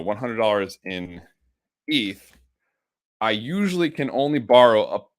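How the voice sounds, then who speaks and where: A man with the hiccups, teaching a live coding lesson with an enthusiastic, energetic way of explaining. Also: lowish voice. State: has the hiccups. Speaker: instructor.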